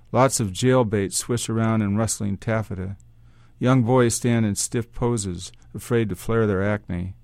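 Guy reading a story in first person, wry hard-boiled tone, lowish voice, dry close sound. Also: darkish tone, clean tone, no echo. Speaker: story reader.

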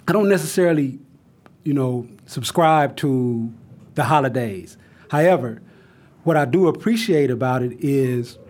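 A middle-aged man with a mid-range voice talks in a calm, measured way. He shares a reflective personal account at a round table. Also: medium pitch.

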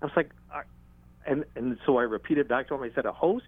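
A man being interviewed about documenting sharks, telling stories at an unhurried, halting pace with dry humor. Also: mid-range voice, steady tone, slightly rough, no room sound. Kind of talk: conversational interview storytelling. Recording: tinny phone-line sound.

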